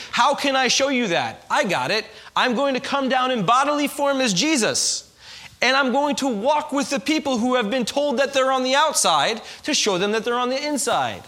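A man preaching a sermon to his congregation in a conversational, animated way, with frequent asides to the listeners. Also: high-pitched. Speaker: pastor.

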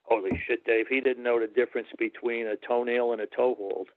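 A man voicing a blunt, crude old male wrestling manager in a deadpan way. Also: mid-range voice, a little fast, slight background noise, natural voice. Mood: gruff. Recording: tinny phone-like line, dry.

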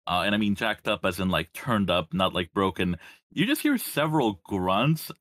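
A fairly low male voice joking through his turn at a tabletop game, stumbling and restarting as he goes. The sound is dry and close-miked. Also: very animated, normal speed, fairly bright tone, dry recording. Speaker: player.

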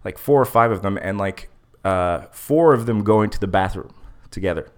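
A man's voice: lowish voice, moderate pace. A man, a comedian guest, telling a story in casual chat, acting out dialogue and laughing often.

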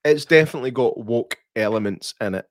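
A man's voice: medium pitch, animated, a little fast, no echo, clean studio sound. Easygoing man chatting films. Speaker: podcast co-host. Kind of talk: casual film review chat.

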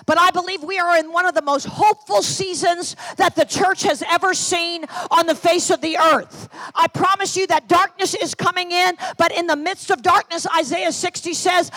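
High bright lady pastor preaching hard, dry close sound, fired up. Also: no room sound. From Florida. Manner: energetic preaching with rising calls to the church. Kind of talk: sermon.

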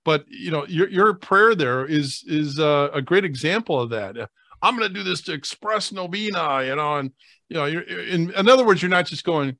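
A man, a priest, talking in a rambling, animated way with many fillers and restarts on a faith talk show. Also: fairly high pitch, moderate pace, dry recording, clean studio sound.

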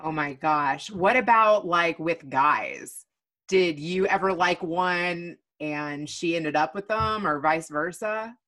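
A woman's voice: lowish voice, expressive, takes it slowly, fairly bright tone. A woman hosting a casual interview, asking curious follow-up questions. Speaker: host.

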